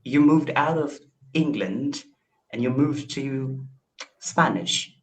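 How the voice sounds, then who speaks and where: A man's voice: mid-range voice, poor audio. A man in his twenties from India, chatting eagerly and modestly on a video call about learning languages, often restarting his sentences. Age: 20s. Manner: eager, self-deprecating, halting with restarts. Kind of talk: casual video call conversation.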